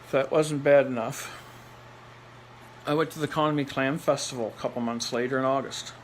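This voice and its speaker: A man from Nova Scotia, Canada tells a personal story in a blunt, rambling way, repeating phrases for emphasis and laughing along the way. His voice is medium-pitched and steady, and he talks fairly quickly. The recording is rough, with slight background noise.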